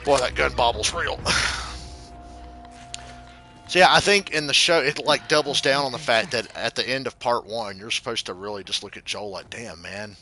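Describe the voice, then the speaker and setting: A man's voice: medium pitch, brisk, few pauses. A man giving casual gameplay commentary, rambling and swearing freely, and getting heated as he goes. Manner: rambling, profane, gets heated. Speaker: let's play gamer.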